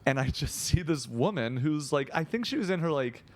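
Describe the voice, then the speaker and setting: A man's voice: on the high side, fairly quick. A young man in a casual interview, telling an anecdote and acting out the voices of the people in it. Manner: animated, acts out the voices of people in his story. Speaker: guest, content creator.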